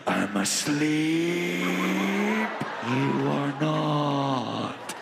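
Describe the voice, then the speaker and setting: A man voicing a smug snoring sleeper, dragging out each word slowly and loudly. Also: vocal fry, very noisy, exaggerated voice. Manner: slow, drawn-out, booming. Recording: roomy hall with loud audience.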